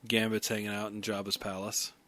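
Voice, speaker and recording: Low-voiced man giving easygoing replies. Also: monotone, a little fast, pushed and bright, dry recording. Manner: short agreeing replies. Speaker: podcast co-host. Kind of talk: casual chat.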